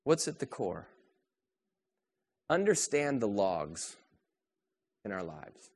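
Male pastor, sermon delivery, rhetorical questions, soft to raised. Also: lowish voice, big pitch swings, takes it slowly, husky.

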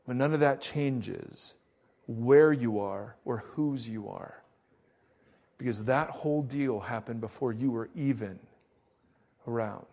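A middle-aged man preaching a sermon as pastor, telling stories with acted-out quotes in an animated way. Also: mid-range voice, takes it slowly, long pauses.

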